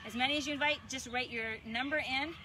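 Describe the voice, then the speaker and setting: A woman's voice: high-pitched, steady tone, fast talker, noisy background. A woman fitness instructor coaching a live workout, counting reps aloud and cheering viewers on while out of breath.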